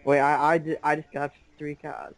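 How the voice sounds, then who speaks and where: Male opponent player, a bit higher voice, dry recording, casual, sheepish and teasing. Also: flat delivery, dry recording, poor audio. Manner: sheepish, teasing, quick to laugh. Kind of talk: casual chat during an online card game.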